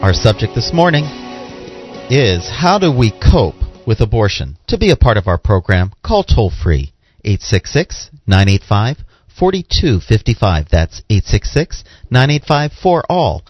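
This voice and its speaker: A man hosts a radio show, delivering segment intros in a polished, lively way. Music plays clearly underneath, and the audio is slightly dull. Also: on the low side, unhurried, dry recording. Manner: polished, upbeat announcer delivery. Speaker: radio host.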